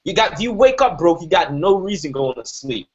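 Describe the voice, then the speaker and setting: A man's voice: a little high, big pitch swings, brisk, slightly rough. Emphatic man, dull lo-fi recording. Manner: emphatic, keeps asking "right?". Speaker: motivational speaker. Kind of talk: motivational talk.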